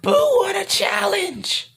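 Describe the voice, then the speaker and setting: A man's voice: very high voice, very animated, slow pace, vocal fry, a bit bright, voice pushed up, heavily acted. A man doing a scratchy, squealing monster villain. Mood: gleeful menace. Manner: broken third-person speech, cackling. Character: giddy childish male monster villain.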